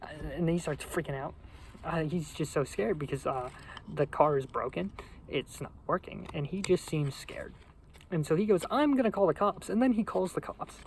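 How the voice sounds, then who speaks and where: A young man telling a rambling, funny story in a casual, deadpan, profane way. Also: a little high, normal speed, gravelly, a little hiss or hum, rough recording. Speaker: vlogger.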